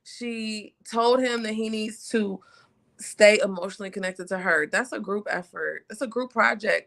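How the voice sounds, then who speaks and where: A woman co-hosting a live reality show review, talking in a blunt, sassy, animated way. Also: mid-range voice, normal speed, gravelly. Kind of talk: casual live-stream chat.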